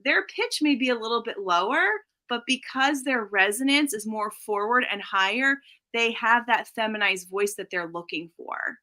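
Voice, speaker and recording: A woman's voice: a little high, moderate pace, few pauses, sharp tone. A woman speech-language pathologist explaining voice training in an interview, demonstrating where the voice sits as she talks. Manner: demonstrates voice placement while explaining.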